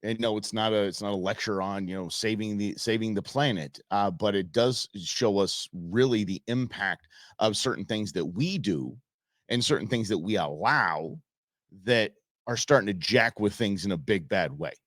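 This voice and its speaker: A man's voice: lowish voice, moderate pace, fairly bright tone, dry recording, clean studio sound. A man hosting an outdoors talk show, chatting casually and rambling with fillers and restarts. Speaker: radio show host.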